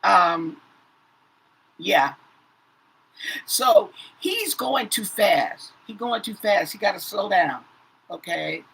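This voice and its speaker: A woman's voice: medium pitch, big pitch swings, slow pace, creaky, pauses often, fairly bright tone, husky, poor audio. Chatty woman reading tarot cards. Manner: says "okay?" after nearly every phrase, repeats herself. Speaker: tarot reader. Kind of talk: casual tarot reading to viewers.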